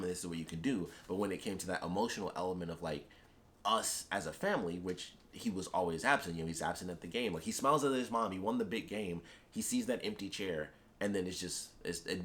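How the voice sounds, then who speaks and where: A man's voice: low-pitched, fairly bright tone. A man giving a casual, rambling spoken film review, enthusiastic and full of fillers. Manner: rambling and enthusiastic, heavy on "like" and "you know". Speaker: YouTube movie reviewer.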